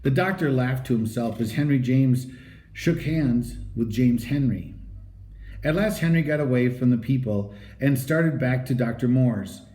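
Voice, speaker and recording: A man reading a children's chapter book aloud as storybook narration, in an animated, expressive read-aloud manner. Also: mid-range voice, unhurried. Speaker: audiobook reader. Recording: roomy echo.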